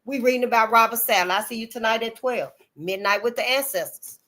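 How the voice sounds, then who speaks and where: This channel host's voice is a touch high and a touch fast, bright and forceful. She addresses her viewers casually as honey and y'all, in a frank, earthy, emphatic manner.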